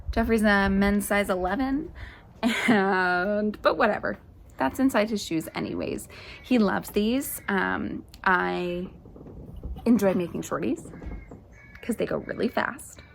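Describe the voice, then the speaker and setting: A young woman hosts a knitting podcast, talking to the camera in a casual, enthusiastic, rambling show-and-tell with lots of fillers. Her voice is mid-range and creaky, with a slight hiss or hum, and faint birdsong plays in the background.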